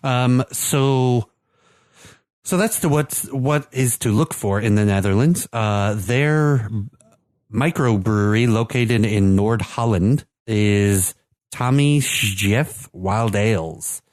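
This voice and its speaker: This podcast co-host is a man with a lowish, slightly mellow voice who takes his time. He talks soccer teams in a loose, chatty way, with plenty of fillers and restarts. Studio-quality sound with no room echo.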